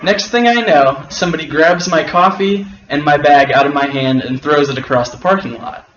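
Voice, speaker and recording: Man, casual storyteller, wry, unhurried, fairly high voice, echoey room, dull sound. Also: a bit bright. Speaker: guest storyteller. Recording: roomy, dull and slightly noisy.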